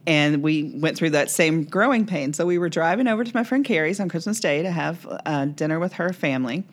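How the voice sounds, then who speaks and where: A woman's voice: deep voice, animated, a little fast. Laughing woman telling a story. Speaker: podcast co-host. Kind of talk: casual chat.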